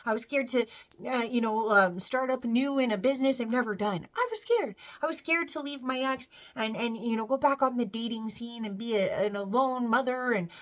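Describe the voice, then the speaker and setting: A woman's voice: a little high, brisk. Earnest woman sharing a faith testimony. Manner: earnest, rambling, with many fillers. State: tearing up. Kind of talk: emotional spiritual testimony to camera.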